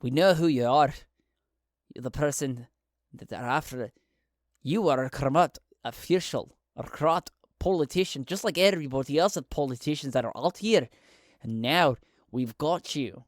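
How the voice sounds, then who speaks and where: A man's voice: medium pitch, expressive, normal speed, no room sound, clean studio sound, lightly acted. A man voicing hostile rebel fighters who accuse a captive in a solo tabletop game. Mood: accusing. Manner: accusing, blunt. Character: hostile male rebel fighters holding prisoners at gunpoint.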